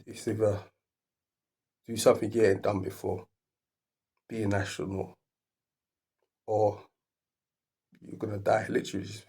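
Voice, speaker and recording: A man's voice: on the low side, dark tone. A man hosting a reaction video, rambling as he thinks aloud and keeps restarting his sentences.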